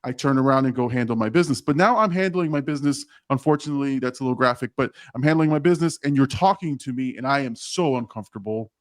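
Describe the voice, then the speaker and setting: A man co-hosting a casual podcast, telling animated stories full of quoted dialogue, with frequent restarts. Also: mid-range voice, fast, hardly any pauses. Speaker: podcast co-host, HR professional. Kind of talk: casual chat.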